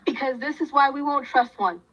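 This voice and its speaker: A woman's voice: sits high, a little fast. A woman talking to her viewers in a fiery, preachy way, firing off repeated questions. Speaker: commentator. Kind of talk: impassioned talk to viewers. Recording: muffled lo-fi audio.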